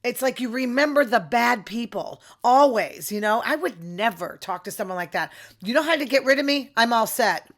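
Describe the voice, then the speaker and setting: Speaking at a normal speed in an animated, fairly high-pitched voice, a middle-aged female podcast host gives a chatty opinion monologue. She drops sarcastic asides and imitates other people's voices when quoting them.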